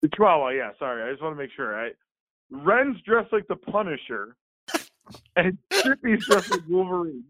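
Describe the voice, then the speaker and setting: A man co-hosting a podcast, retelling a comic in a rambling, animated way with many fillers. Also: high voice, normal speed, noisy background. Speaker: podcast co-host. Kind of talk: casual chat. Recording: phone-like, dry sound.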